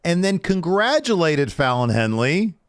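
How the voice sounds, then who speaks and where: A man co-hosts a podcast in casual chat, his pitch swinging lively and wide as he jokes and sighs over what he's recapping. The sound is dry and close, with no room around him. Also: unhurried, no room sound. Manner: animated, joking, exasperated asides. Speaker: podcast co-host.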